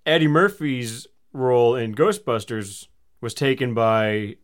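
A man co-hosts a casual movie podcast in a mid-pitched voice. He chimes in with short reactions, questions and quick jokes. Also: smooth. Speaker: podcast co-host.

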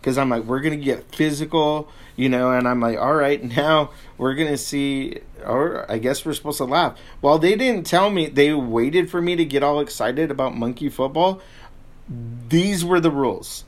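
A man's voice: a little high, moderate pace, hardly any pauses. A man co-hosting a casual chat, telling a story in a dry, wry way. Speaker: podcast co-host.

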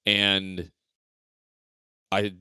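A man in his thirties co-hosting a casual sports podcast, wry, his voice deeper while recovering. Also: completely flat delivery, drawn-out words, pushed and bright, smooth, no echo, studio quality. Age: 30s. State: voice recovering, deeper than usual. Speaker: podcast co-host.

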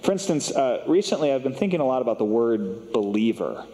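A man's voice: medium pitch, big pitch swings, brisk, dark tone, long reverb tail, rough recording. A man preaching a sermon as a pastor, in a conversational, self-deprecating way with casual fillers. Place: church sanctuary.

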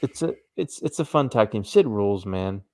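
A man's voice: on the low side, animated, normal speed, darkish tone. A man co-hosting a podcast in casual chat, rambling with lots of "like" and restarts. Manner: rambling, many likes and restarts. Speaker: podcast co-host.

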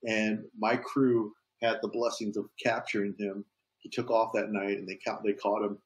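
A man's voice: on the low side, flat delivery, moderate pace, rough recording. A police officer telling a story in a casual, easygoing way, often tossing in "man". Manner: easygoing, peppers talk with "man".

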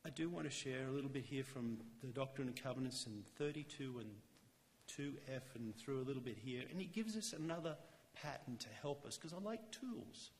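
Earnest man preaching in a reverberant hall. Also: medium pitch. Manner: earnest, conversational, slows to stress key lines. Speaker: lay church speaker. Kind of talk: sermon. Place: church chapel.

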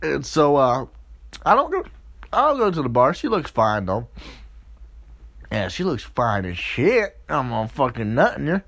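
A man's voice: wildly swooping pitch, unhurried, long pauses. A man in his twenties telling a crude, rambling story in a swearing comedic rant. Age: 20s. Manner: jumps into loud, high-pitched mocking voices.

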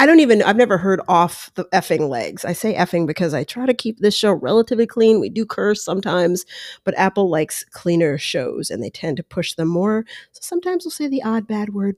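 A woman's voice: medium pitch, darkish tone, no echo, studio quality. A woman hosting her own podcast, talking straight to listeners in a chatty, casual way and acting out what others said. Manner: chatty, talks to listeners directly, acts out quotes. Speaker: podcast host, former reality show houseguest. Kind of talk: casual commentary.

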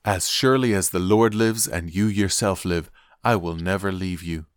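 A man's voice: sits low, normal speed, clear, resonant tone, no room sound, studio quality, natural voice. A man reading the part of Elisha, an earnest, devoted young prophet, in a Bible story reading.

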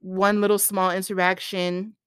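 A woman's voice: mid-range voice, a little slow, clean tone, dry recording, studio quality. A woman in her thirties hosting a podcast, telling a story in a casual, exasperated way and acting out the quoted lines. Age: 30s. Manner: animated, exasperated retelling with quoted dialogue. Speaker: podcast host.

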